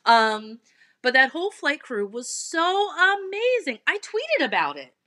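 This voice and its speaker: A woman with a South Jersey accent co-hosting a podcast, telling stories in a chatty, animated way. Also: high voice, measured pace, no room sound. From South Jersey, USA. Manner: animated, laughing, self-correcting storyteller. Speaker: podcast co-host. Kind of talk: casual chat.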